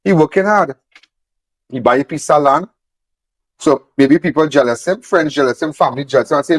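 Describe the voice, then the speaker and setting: A man's voice: on the high side, a little fast, long pauses, no echo. A man speaking emphatically, repeating phrases and firing off rhetorical questions. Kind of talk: impassioned on-camera talk.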